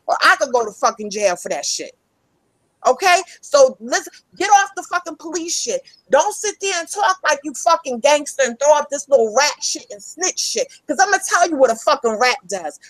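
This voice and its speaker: Heated woman going off, lots of swearing, high voice, dry close sound. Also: fairly bright tone, dry recording, low-quality recording. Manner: angry, profane, emphatic, repeats herself. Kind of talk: heated ranting.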